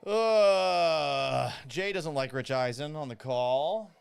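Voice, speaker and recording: A man's voice: fairly high pitch, slow pace, vocal fry, clean tone. Casual, joking male podcast host. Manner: casual, joking, swears freely. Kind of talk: live watch-party commentary.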